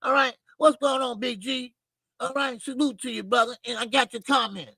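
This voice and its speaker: A man hosting a livestream boxing show, ranting with profanity and loud outbursts while greeting his chat. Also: extremely high pitch, fairly even intonation, normal speed, gravelly, dry recording. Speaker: boxing channel host.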